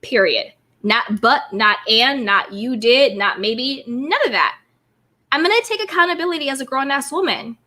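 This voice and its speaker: A young woman commentates casually on a live stream, reading out viewer comments and reacting with firm, emphatic opinions. Her voice sits high and sounds bright and forward. The delivery stays chatty and personal, as if talking straight to her regulars. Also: lively intonation, normal speed.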